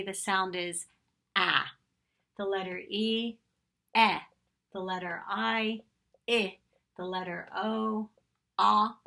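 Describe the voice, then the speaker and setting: A woman's voice: medium pitch, gravelly, a bit bright. A woman teaching a phonics lesson to young children, patiently sounding out letters and vowel sounds and praising them often. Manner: encouraging praise directed at children. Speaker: kindergarten teacher.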